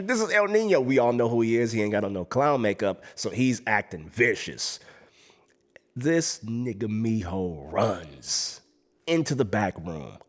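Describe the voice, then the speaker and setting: A man telling a story about his past, acting out what he and others said with sudden jumps in his voice, laughing now and then. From Los Angeles. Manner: acts out his own past lines with big jumps in pitch and volume; laughs between lines, slangy. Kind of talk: animated personal storytelling.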